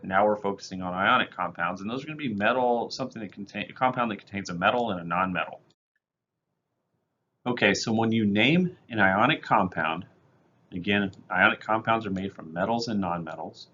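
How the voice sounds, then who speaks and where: A man's voice: lowish voice, bright, forceful tone, lo-fi sound. A male chemistry teacher giving a recorded lecture over slides, explaining step by step in a plain, methodical way with casual fillers.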